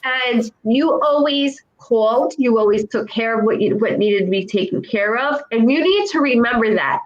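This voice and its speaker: A woman clairvoyant with a slightly high voice gives a psychic reading at normal speed, earnestly repeating herself as she relays messages and quotes from the dead. The audio has its highs cut off.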